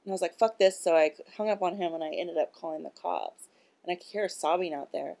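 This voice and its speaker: A woman's voice: on the low side, quick pace, gravelly, dark tone. A woman talking in a rambling, casual monologue. She is blunt and profane, and she leans on filler words as she goes. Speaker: vlogger.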